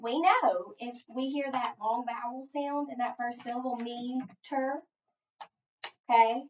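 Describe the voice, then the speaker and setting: A woman teacher with a somewhat high voice guides a phonics lesson, patiently spelling words letter by letter. She sits some distance from the mic in an echoey room. The recording sounds dull and lo-fi. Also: slight background noise.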